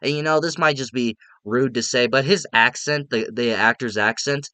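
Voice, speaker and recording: A man's voice: medium pitch, normal speed, pushed and bright, dry recording. A man giving a casual, rambling spoken movie review, frank and often restarting his sentences.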